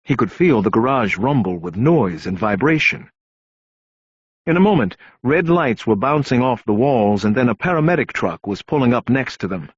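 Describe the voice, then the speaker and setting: A male narrator reads crime fiction in a husky voice with lively rises and falls of pitch. The recording is dry and slightly dull, with no room around it. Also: normal speed, no room sound. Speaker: audiobook narrator. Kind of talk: scripted crime novel narration.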